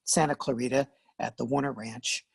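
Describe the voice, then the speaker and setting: An older man, a veteran actor and voice artist, telling animated stories in a casual interview, laughing and acting out what people said. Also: mid-range voice, normal speed, creaky, husky, dry recording. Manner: animated, laughing, acts out quoted lines.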